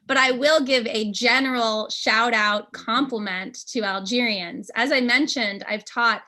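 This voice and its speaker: A woman's voice: a little high, a little slow, hardly any pauses, pushed and bright. An American woman, an English teaching expert, talking casually on a panel and thinking aloud with frequent ums. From United States.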